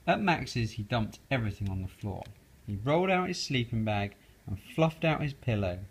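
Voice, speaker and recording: A father slowly reading a bedtime storybook aloud to his daughter, gentle and lively. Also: mid-range voice, slightly rough, poor audio.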